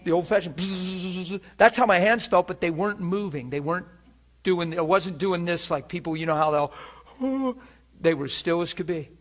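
Preacher, male, high voice, animated testimony sermon, drops to a hush then swells loud, chuckles through it. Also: moderate pace. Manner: animated storytelling, swings between hushed and loud; chuckles often while speaking.

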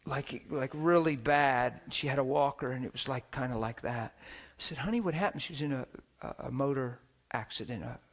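A man preaching a sermon, telling stories with animated swings from shouts to hushed whispers and laughing as he talks. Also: medium pitch, a little fast. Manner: laughs while talking.

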